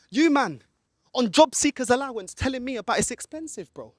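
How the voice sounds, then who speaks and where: A man's voice: very high voice, animated, brisk, no echo, studio quality. A man ranting angrily in a football fan vlog, filmed outdoors in a car park by a friend holding the camera, slipping into Portuguese now and then. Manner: angry, ranting, slips into Portuguese. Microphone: camera held by a friend.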